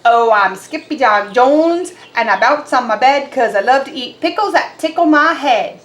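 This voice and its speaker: A woman voicing an excitable boy Siamese kitten who thinks he is a Chihuahua, playful, with a put-on Spanish flair. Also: sits high, unhurried, voice pushed up, heavily acted.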